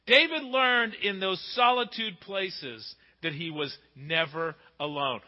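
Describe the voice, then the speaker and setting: High-voiced preacher man, emphatic, long echo in a church hall. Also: slow pace, hardly any pauses. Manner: emphatic, rhetorical questions, swings between loud and hushed. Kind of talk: sermon. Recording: muffled with long hall reverb.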